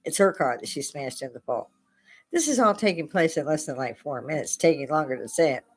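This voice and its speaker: Lower-voiced woman telling stories with laughs. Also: lively intonation, a little fast, slightly rough. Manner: laughs often while telling spooky stories. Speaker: host. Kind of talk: casual storytelling.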